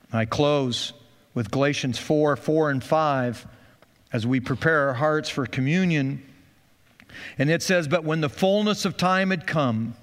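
A man preaching a sermon before communion, building to fervent emphasis and then praying quietly. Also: measured pace. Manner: rises to fervent higher preaching, then hushed prayer. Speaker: pastor. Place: church sanctuary. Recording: long hall reverb, soft guitar behind.

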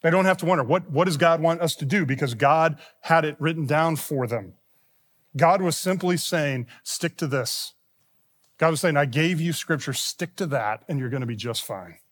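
Male pastor, higher-pitched voice, preaching with emphatic scripture quotes, reverberant church hall. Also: moderate pace, fairly bright tone. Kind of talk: sermon. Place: church sanctuary.

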